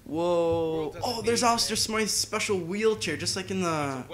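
A man with a slightly high voice chatting loosely over his gameplay. He wanders off onto tangents and talks to his viewers as he goes. His delivery is relaxed and conversational. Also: measured pace. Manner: rambling, chatty, side tangents. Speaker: gaming channel host. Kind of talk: casual gameplay commentary.

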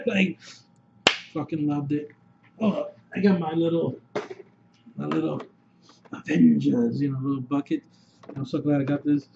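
Brief: high-voiced, hyped man, rambling and swearing, muffled lo-fi audio. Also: moderate pace, vocal fry, pauses often, slight background noise. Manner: excitable, rambling, heavy swearing. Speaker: movie reviewer. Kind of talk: unscripted video review.

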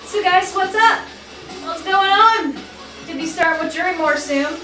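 Bright high woman goofing around, roomy echo, kinda far from the mic. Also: unhurried, soft background music. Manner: playful, sings and clowns around. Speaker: podcast co-host. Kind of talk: casual chat before going live.

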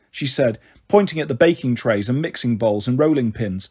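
A man reading a children's novel aloud as a storyteller, in a calm, even manner. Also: mid-range voice, normal speed, slightly rough.

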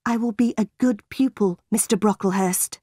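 A woman's voice: mid-range voice, normal speed, dark tone, slightly rough, dry recording, studio quality, natural voice. A woman voicing a defiant young orphan girl. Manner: defiant and earnest. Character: defiant, unhappy ten-year-old orphan girl.

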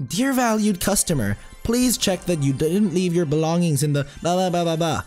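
A man's voice: sits high, expressive, normal speed, darkish tone, soft background music, voice pushed up. A man mimicking a droning automated announcement. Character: polite automated male announcement voice.

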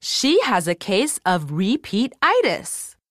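A woman voicing a cheerful young girl who doctors toys, speaking gently and confidently. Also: mid-range voice, huge pitch swings, takes it slowly, no echo, studio quality, exaggerated voice.

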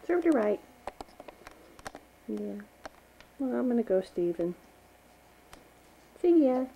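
A woman's voice: a little high, big pitch swings, takes it slowly, pauses often, husky, phone-quality sound. A mother filming her baby at home, talking to him in a cooing, teasing, sing-song baby voice. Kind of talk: baby talk to an infant. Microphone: handheld home video camera.

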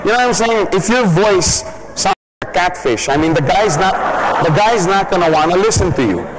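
A man's voice: high-pitched, lively intonation, moderate pace, background noise. Joking casual male business trainer. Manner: casual, joking, laughs often, many "you know". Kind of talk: training seminar talk.

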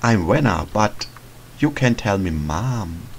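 A man reads a kindly, lonely witch who longs for a child to look after. Her voice sits low and gravelly. She speaks slowly and gently, and her pitch swings up and down. A faint hiss sits behind her. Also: lively intonation, rough recording. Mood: tender. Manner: soft, motherly, hesitant, sighing. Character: lonely, gentle female forest witch, middle-aged. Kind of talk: reading game dialogue aloud in a let's play.

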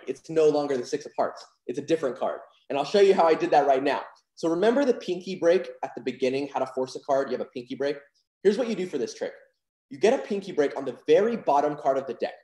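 A man's voice: fairly high pitch, warm tone. A young man teaching card magic in a casual, upbeat and confident way, with lots of fillers. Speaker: magic instructor. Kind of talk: casual online lesson. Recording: echoey room.

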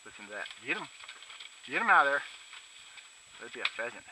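A man's voice: sing-song, a little fast, a little hiss or hum, low-quality recording. Man calling his hunting dogs outdoors. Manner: shouts dog commands, then talks low and quietly to the camera. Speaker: hunter filming his dogs. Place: outdoors in snowy rural fields.

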